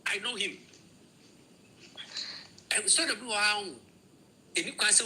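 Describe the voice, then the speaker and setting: A woman's voice: medium pitch, slow pace, pauses often, sharp tone, slight background noise, low-quality recording. A woman with a Ghanaian accent, switching between Twi and English in a heated, swearing opinion rant.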